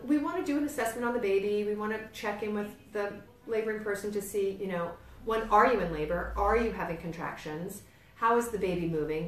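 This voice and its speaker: Woman, New York accent, birth educator, explanatory, checks in often, roomy room, mic set back. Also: medium pitch. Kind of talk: instructional demonstration. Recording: roomy, distant mic, faint ambience.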